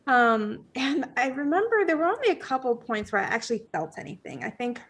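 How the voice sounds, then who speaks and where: A woman guest on a podcast telling a personal story in a casual, animated way, full of fillers and acted-out thoughts. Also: high-pitched, fairly quick, breathy edge. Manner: animated, many fillers, acts out her own past thoughts.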